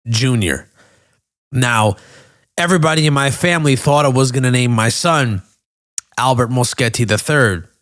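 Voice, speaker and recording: Guy in his 30s on his podcast, emotional and candid, cussing as he tells it, voice a bit on the high side. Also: a bit bright. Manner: emotional, candid, swears freely. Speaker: podcast host. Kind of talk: personal storytelling.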